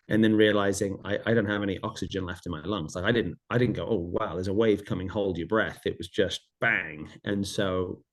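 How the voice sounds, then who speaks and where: A man's voice: lowish voice, fairly even intonation, a little fast. A middle-aged man, a podcast guest, earnestly retelling a personal story in vivid detail, often repeating phrases.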